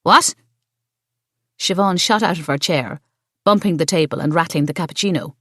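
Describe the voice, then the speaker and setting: A woman reads a cozy mystery audiobook in an even, storytelling way. Her voice is on the low side, and the recording is dry and close. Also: no echo. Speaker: audiobook narrator. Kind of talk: scripted narration.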